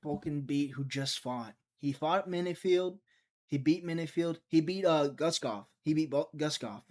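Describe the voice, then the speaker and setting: A young man from Mississippi, USA hosts a casual live stream, rambling and cracking jokes while reading chat messages aloud and answering them. His voice is a little high and moves at a normal speed.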